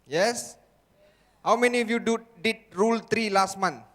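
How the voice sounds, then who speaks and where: A man's voice: high voice, normal speed, a bit bright. A man giving a motivational seminar talk, firing repeated rhetorical questions at a live audience in a large hall. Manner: repetitive rhetorical questions to the crowd. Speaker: motivational speaker.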